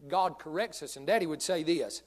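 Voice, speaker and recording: A male pastor preaching a sermon, telling humorous stories in an animated way. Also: on the high side, brisk.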